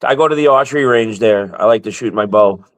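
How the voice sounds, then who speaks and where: A man's voice: fairly low pitch, fast, low-quality recording. A man hosting a casual chat, blunt and easygoing, cursing freely as he talks. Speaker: host.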